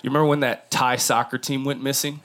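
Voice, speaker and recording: A man's voice: mid-range voice, level tone, fast talker, fairly bright tone. A man doing a crude stand-up comedy set, riffing and talking straight to the crowd. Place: comedy club stage. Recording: live club audience. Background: audience laughing.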